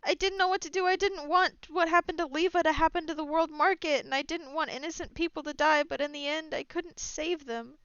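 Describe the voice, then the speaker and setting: A woman's voice: sits high, brisk, few pauses, fairly bright tone, no room sound, lo-fi sound, voice pushed up. A woman voicing a grieving young ship captain who pleads tearfully in a tabletop game.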